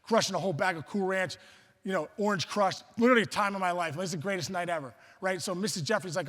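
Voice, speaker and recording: A man with a high, bright voice tells a funny story at a luncheon. He talks animatedly and acts out the voices, now and then breaking into loud outbursts. The sound carries a long reverb from the hall. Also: quick pace. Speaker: luncheon speaker. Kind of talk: humorous storytelling speech. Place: banquet hall.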